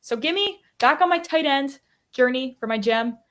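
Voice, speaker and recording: A woman's voice: sits high, expressive, normal speed, a bit bright. Woman making confident betting picks. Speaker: betting analyst panelist. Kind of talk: sports betting live stream chat.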